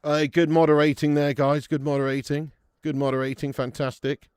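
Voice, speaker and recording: A man's voice: fairly high pitch, flat delivery, a little fast, darkish tone, smooth, no room sound. A man hosting a live football watch-along, chatting and laughing with his viewers. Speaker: host.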